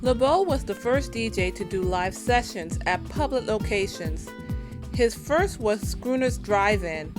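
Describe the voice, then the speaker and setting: A woman host narrates a tribute segment for an entertainment show, at an everyday middle pitch. Her delivery is conversational and scripted at once, with the odd filler and restart. Faint music sits under her voice. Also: lively intonation, unhurried.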